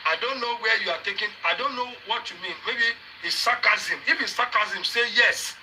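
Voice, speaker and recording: A man's voice: high-pitched, moderate pace, noisy background. A man with a Nigerian accent, mixing Yoruba and pidgin, hosting a live social media session and confronting viewers with repeated pointed questions. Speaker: livestream host.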